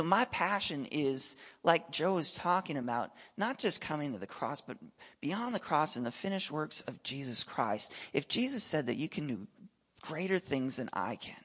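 A man preaching a sermon in a conversational, animated way, firing off rhetorical questions. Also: a little high, breathy edge. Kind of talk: sermon with personal storytelling. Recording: echoey hall, dull lo-fi sound.

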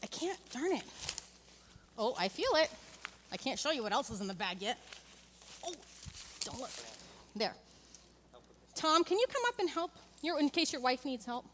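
A woman's voice: high-pitched, big pitch swings, moderate pace, long pauses, a bit bright, big-room sound, a little hiss or hum. A woman in her thirties giving a conversational sermon in a church, telling a candid family story and talking directly to the congregation. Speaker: church speaker. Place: church sanctuary.

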